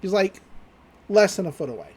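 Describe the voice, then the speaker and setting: A podcast host casually recapping a cartoon episode, animated and laughing often. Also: medium pitch, fairly quick, husky.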